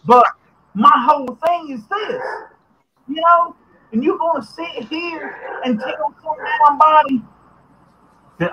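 Very high-voiced ranting man. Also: slow pace, slight background noise, poor audio. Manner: profane, blunt, heated, sometimes shouting. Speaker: podcast host. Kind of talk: ranting commentary.

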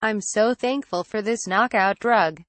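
A woman's voice: medium pitch, a little slow, fairly bright tone, dry recording, close to an everyday voice. A woman voices a deranged man who sneers and gloats, sure of his own greatness. The taunting comes out cold and mocking. The sound is dry and close, with no room. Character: smug deranged male villain uncle.

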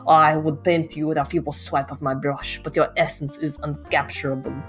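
A grandiose male rat painter from a dating game, gushing over-the-top compliments in a wobbly fake French accent, as a woman puts him on. The voice sits a little low and is heard with faint music behind. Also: little pitch movement, normal speed, lightly acted. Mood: grandly romantic. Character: pompous male rat artist, flowery romantic.

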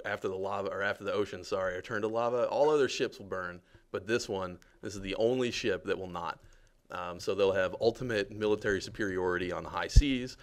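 A man, a game developer, giving casual and jokey live commentary while touring a game, with lots of fillers. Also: low-pitched. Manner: chatty and jokey, many fillers.

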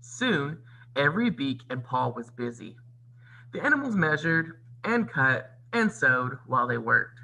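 A man reading a storybook aloud like a teacher, pausing to explain the story. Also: medium pitch, gravelly, rough recording. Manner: expressive, teacherly. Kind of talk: read-aloud storybook narration with comments.

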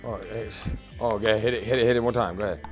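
A man hosting a gameplay video, brash and profane, joking and bursting into shouts. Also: lowish voice, steady tone, rapid-fire, over music. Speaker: gaming video host. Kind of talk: casual gameplay commentary.

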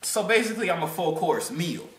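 A man's voice: fairly high pitch, sing-song, brisk, fairly bright tone. A young man in his twenties, a YouTuber chatting and joking playfully with strangers on a video call. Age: 20s. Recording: roomy echoey sound.

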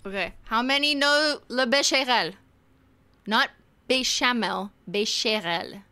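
Bright, chatty woman streamer. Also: fairly high pitch, slow pace. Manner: chatty, laughs often, reads game text aloud. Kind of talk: casual gameplay commentary.

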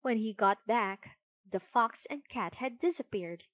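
Woman reading a kids storybook, slow and lively, kinda high, dry sound. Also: no echo. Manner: expressive, unhurried storytelling. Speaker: narrator.

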